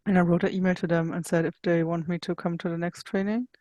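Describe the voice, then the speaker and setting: A woman being interviewed who tells a candid personal story in a searching way, often pausing to find her words. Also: on the low side, level tone, mellow, no echo. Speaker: interview guest.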